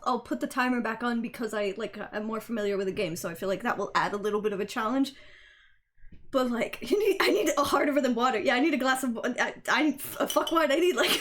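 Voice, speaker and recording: High-voiced excitable woman game streamer. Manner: excitable, swears freely. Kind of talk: casual live-stream commentary.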